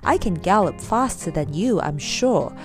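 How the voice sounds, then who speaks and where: A woman's voice: fairly low pitch, lively intonation, unhurried, soft background music. A woman voicing a small, boastful young male pony who speaks eagerly and cheekily.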